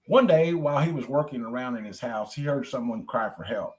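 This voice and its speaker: A man's voice: mid-range voice, expressive, brisk, few pauses, rough recording. A man reading a children's story aloud in a casual, chatty way, breaking off to talk to people nearby. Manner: chatty, digresses to talk to others.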